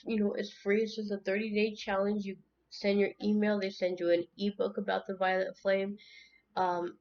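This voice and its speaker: Her voice is medium-pitched and a little mellow, recorded with the highs cut off. She hosts a spiritual tarot channel and delivers an emotional, earnest, unscripted monologue, frequently repeating words, starting over, and at times close to tears.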